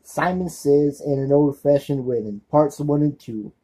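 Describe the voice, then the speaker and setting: A man with a very dark, mellow voice and a husky edge hosts a casual show-and-tell vlog. He talks haltingly, full of fillers and pauses, reading titles off one at a time. When a name slips his mind he stops to apologize before going on. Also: a little high, low-quality recording. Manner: forgetful, self-apologetic asides. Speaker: channel host.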